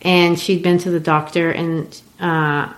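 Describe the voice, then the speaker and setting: Woman from Brazil, lower voice, lively retelling. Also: a little slow. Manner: animated retelling with frequent fillers. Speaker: co-host discussing a play. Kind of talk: casual literary discussion.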